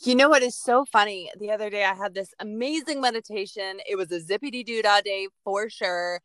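A woman's voice: medium pitch, brisk, no echo. A woman and mother in casual podcast chat, enthusiastic and affirming, telling stories about her child. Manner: enthusiastic, warmly affirming storyteller.

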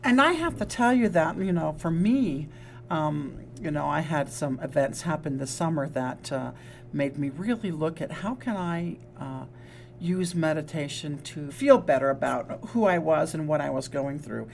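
This is a woman hosting a relaxed wellness talk in a somewhat low voice. She talks earnestly, stumbling and restarting with fillers as she explains ideas. A faint hum sits behind her. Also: normal speed, vocal fry. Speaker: co-host, psychologist. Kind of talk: casual podcast chat.

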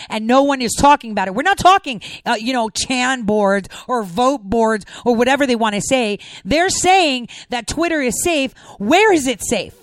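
An impassioned woman commentator pours out a repetitive, outraged monologue, close to tears. Her voice sits on the high side and the sound is dry, with no room echo. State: near tears.

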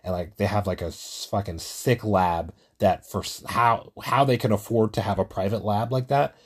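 A man hosting his own show, telling a story in a rambling, profane, casual monologue and getting louder when he is worked up. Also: moderate pace, husky. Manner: gets loud and high-pitched when excited. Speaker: podcast host.

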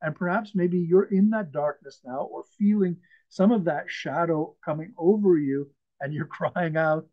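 Man, pastor, emphatic sermon, soft chuckles, dull lo-fi call audio. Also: high-pitched, animated, a little slow, dry recording. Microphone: video call.

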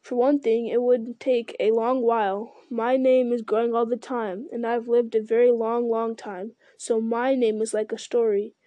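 A woman reading aloud and voicing an ancient, slow-spoken male tree giant who muses with hums and never hurries. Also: fairly high pitch, little pitch movement, dry recording, highs cut off, close to an everyday voice. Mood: musing. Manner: slow, deliberate, musing with hums. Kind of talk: reading a fantasy novel aloud.

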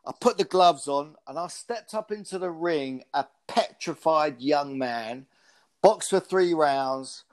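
A man from the UK in his fifties tells stories as an interview guest, in a slightly higher voice than usual. He restarts his phrases often and talks with animated energy. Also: slow. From United Kingdom. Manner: animated storyteller with frequent restarts. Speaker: guest, former pro boxer and speaker. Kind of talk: casual interview storytelling.

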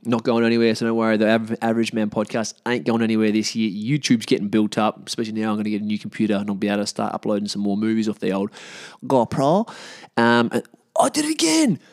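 A man's voice: lowish voice, flat delivery, quick pace, a little mellow, no room sound, studio quality. An Australian man hosting his own podcast, chatting casually and frankly with lots of restarts. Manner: rambling, frank, many restarts and fillers. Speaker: podcast host. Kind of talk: casual solo podcast chat.

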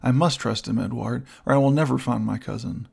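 Man reading a earnest young lady, soft and steady, bit gravelly. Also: mid-range voice, brisk, exaggerated voice. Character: young gentle high-born woman.

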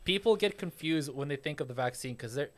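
A man's voice: fairly high pitch, expressive, brisk. A man hosting a casual podcast, explaining with frequent profanity and stammered restarts.

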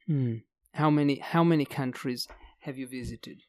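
A man's voice: medium pitch, moderate pace, a little mellow. A man hosting a casual podcast interview at home, reading out a long list and admitting when he is unsure of pronunciations. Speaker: podcast host.

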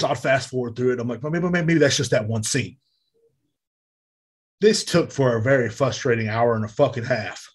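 A man hosting a podcast, ranting with loud, profane exasperation in a comedic monologue. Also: medium pitch, slightly rough. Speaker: podcast host. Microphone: podcast mic.

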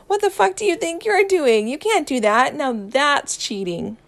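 A woman voicing a smug, teasing young man in a story reading, playful and calm. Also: on the high side, a little slow, vocal fry. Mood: mock outrage.

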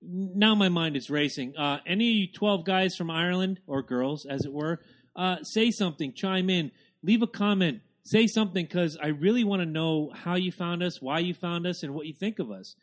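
A man co-hosting a podcast, talking in a somewhat high voice. He is loose and profane and quickly gets excited as he chats. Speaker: podcast co-host. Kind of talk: casual chat.

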